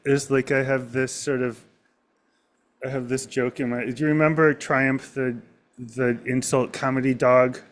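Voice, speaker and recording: A man's voice: mid-range voice, little pitch movement, unhurried. A man co-hosting a casual chat, telling jokes and rambling stories. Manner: jokey, rambling storyteller. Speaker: co-host.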